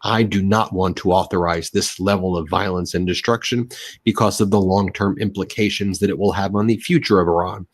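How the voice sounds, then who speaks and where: A man's voice: low-pitched, no echo. A man giving emphatic, scornful political commentary. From United States. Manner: emphatic, scornful, mocks in put-on voices.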